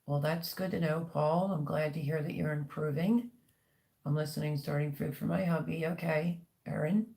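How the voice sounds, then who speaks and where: A woman's voice: deep voice, fairly even intonation, moderate pace, creaky, warm tone. A middle-aged woman hosting a casual livestream, chatting and reading out viewer comments with lots of ums. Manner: chatty, rambling, many ums. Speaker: livestream host.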